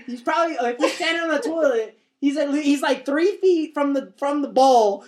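A man's voice: extremely high pitch, moderate pace. A young man co-hosting a podcast, telling a story in a rambling, laughing way full of filler words. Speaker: podcast co-host. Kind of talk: casual podcast chat.

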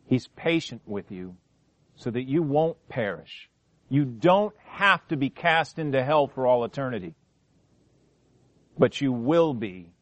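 High-voiced man preaching a dramatic sermon. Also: no echo. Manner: dramatic, acts out quoted voices, wide swings in pitch and volume. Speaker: pastor. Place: church.

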